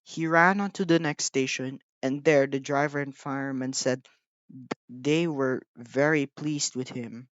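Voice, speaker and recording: Male storybook narrator, slow and gentle, mid-pitched. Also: no echo, highs cut off. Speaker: audiobook reader.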